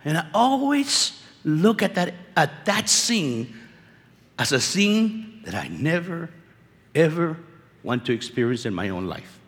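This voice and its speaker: Animated preaching man in a reverberant hall. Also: a little high, takes it slowly, long pauses. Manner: animated, conversational preaching with slang. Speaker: conference speaker. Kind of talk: sermon. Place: conference hall.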